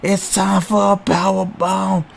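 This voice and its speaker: A young man giving playful, excitable mock wrestling commentary while playing a video game, with lots of exclamations, slang and swearing. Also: sits high, takes it slowly, vocal fry. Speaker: gamer doing mock commentary.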